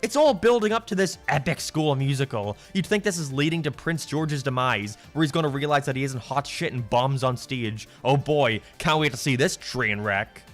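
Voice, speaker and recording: A man's voice: medium pitch, moderate pace, few pauses, fairly bright tone, soft background music. A man delivering a sarcastic, profane rant as a cartoon reviewer. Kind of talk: ranting review commentary.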